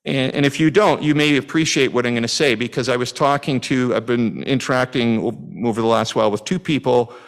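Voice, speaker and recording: A man's voice: mid-range voice, fairly even intonation, fairly quick, hardly any pauses. Conversational Canadian male preacher. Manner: conversational preaching with questions to the congregation and frequent restarts. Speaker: pastor. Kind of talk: sermon.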